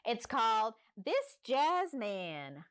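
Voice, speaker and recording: A woman from Newfoundland hosting a library story time, talking warmly and playfully straight to young children. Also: fairly high pitch, very slow, smooth. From Newfoundland, Canada. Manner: animated, coaxing, talks straight to young children.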